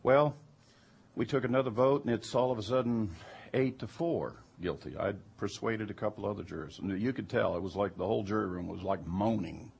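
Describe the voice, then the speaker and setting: Gravelly man telling a heated story. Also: on the low side, a little fast, a little mellow. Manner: emphatic, grows heated and incredulous. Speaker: storyteller recounting jury duty. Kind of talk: animated personal anecdote.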